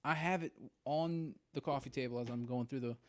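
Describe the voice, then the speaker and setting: A man with a mid-range voice hosts a podcast interview. He asks earnest, measured questions and talks things through in careful, church-flavored phrasing. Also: medium pitch. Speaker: podcast host. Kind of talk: interview conversation.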